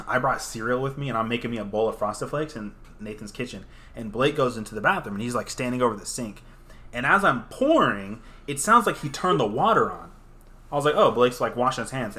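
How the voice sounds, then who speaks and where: Bright-voiced young man telling stories. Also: medium pitch. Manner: animated storyteller, laughs often, swears freely. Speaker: podcast host. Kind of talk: casual chat.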